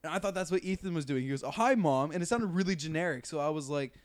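Young man retelling a scare, higher voice. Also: racing. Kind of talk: casual storytelling among friends.

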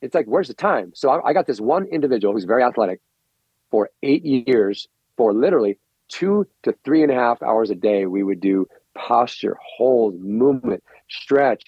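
Middle-aged coach guy rambling excitedly, husky voice, pitch jumping all over, dull dry recording. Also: dry recording. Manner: excitable, rambling, repeats words. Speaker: infield coach, podcast guest. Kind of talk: animated storytelling interview.

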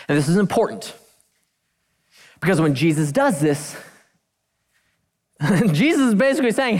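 Lady preaching, voice jumps all over, jokey but drives her points home slow. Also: fairly low pitch, long reverb tail. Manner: animated, emphatic, jokey asides, slows for key phrases. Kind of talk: sermon.

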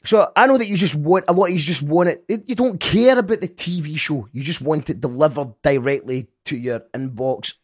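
Male podcast host, slightly high husky voice, earnest and stumbling, dry close sound. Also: moderate pace, few pauses, dry recording. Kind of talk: casual chat to listeners.

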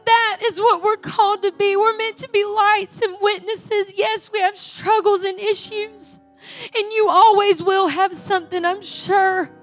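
Very high-voiced pleading woman preacher. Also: fairly even intonation, measured pace, soft background music. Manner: emotional, pleading, tearful at times. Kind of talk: sermon and altar call prayer.

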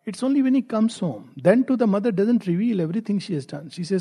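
Man, spiritual teacher, high voice, husky, reflective discourse with rhetorical questions. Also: animated, fast, mellow.

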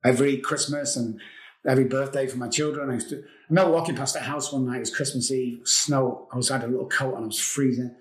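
Here a middle-aged man with a steady, medium-pitched voice and quick pace is an interview guest and addiction recovery expert. He recounts personal hardships in earnest, confessional, emotional storytelling, circling back on phrases to drive them home, with a noticeable roomy echo.

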